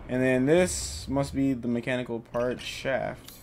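A young man narrating his own gameplay, joking around and shouting when he gets startled. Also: mid-range voice, moderate pace, slight background noise. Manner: jokey, excitable, yells when startled. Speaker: gaming YouTuber. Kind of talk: let's play commentary.

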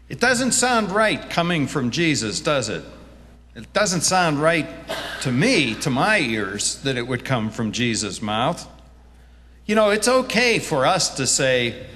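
A man serving as pastor, giving a scripture reading and sermon in a church, reading slowly and deliberately and growing animated as he preaches. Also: a little high. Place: church sanctuary. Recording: long reverb from a church hall.

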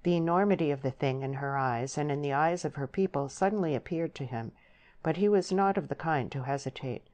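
A woman narrating a novel as an audiobook, with measured, descriptive storytelling. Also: deep voice, darkish tone. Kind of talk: scripted narration.

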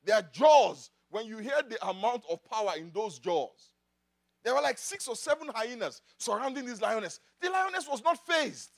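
A man preaching a sermon in church, swinging from loud declarations to quiet asides. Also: very high-pitched, sing-song, moderate pace, vocal fry. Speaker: pastor.

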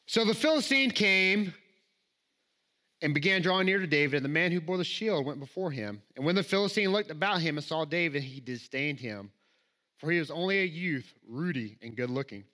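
Southern preacher, high bright voice, chatty and self-deprecating, builds to emphatic scripture reading. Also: male voice, lively intonation, brisk. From Alabama, US. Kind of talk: sermon. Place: church sanctuary.

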